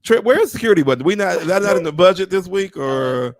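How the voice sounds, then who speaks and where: A man in his forties hosts a casual live chat, swinging his voice high and low with a gravelly edge. He tells stories with big animated energy and leaps into squeaky voices to quote people. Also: quick pace, a crowd in the background. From Pontiac, Michigan. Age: 40s. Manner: animated storyteller, jumps into high voices when quoting people. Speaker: host.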